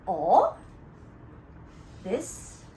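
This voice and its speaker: A woman's voice: medium pitch, huge pitch swings, warm tone, slight background noise, poor audio. A woman teaching a biology lesson, stressing key words and often checking that the class follows. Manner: slow, emphatic, checks understanding often.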